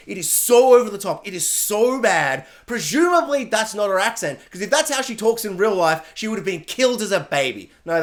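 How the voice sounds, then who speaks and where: A man giving a casual, animated film review, emphatic and exasperated. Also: sits high.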